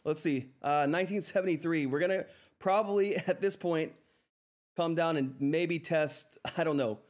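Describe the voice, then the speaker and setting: A fairly high-pitched man hosting a live trading stream. He gushes and repeats himself, tossing "all right?" at his viewers as he talks through price levels. His voice sits a little above the usual male range. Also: normal speed. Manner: excitable, effusive, repeats himself, says "all right?" often. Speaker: livestream stock trading host. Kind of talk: live market commentary and chat.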